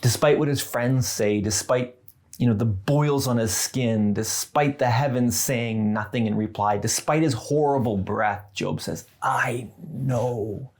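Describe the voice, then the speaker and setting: Male pastor, mid-pitched, earnest and conversational sermon delivery, light humor. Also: a little slow, a little mellow.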